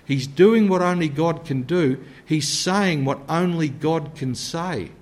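Earnest male preacher, slightly high voice. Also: takes it slowly. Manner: earnest, drops to a soft low voice for emphasis. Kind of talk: sermon.

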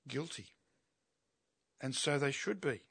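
A man's voice: medium pitch, lively intonation, takes it slowly, creaky, fairly bright tone, husky, dry recording. A man preaching an expository sermon, emphatic and asking his listeners rhetorical questions.

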